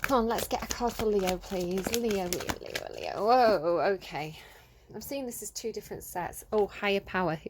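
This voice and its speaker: A woman chats through a tarot reading, recorded on a phone. She talks in a loose, rambling way with many ums and side remarks. Her voice sits at a middling pitch. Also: moderate pace, background noise. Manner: chatty and rambling, many fillers. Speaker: tarot reader. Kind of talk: casual tarot reading to camera.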